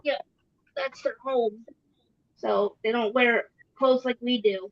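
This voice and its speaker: A woman chatting casually on a live stream, soft-spoken with brief replies. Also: a little high, fairly even intonation, slow, very noisy. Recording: dry, dull lo-fi audio.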